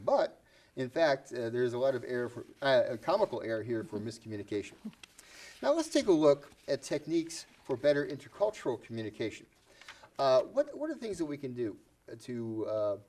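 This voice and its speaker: A man's voice: mid-range voice, a little mellow. A man hosting a casual educational talk show, chatty, asking his co-host questions and laughing often.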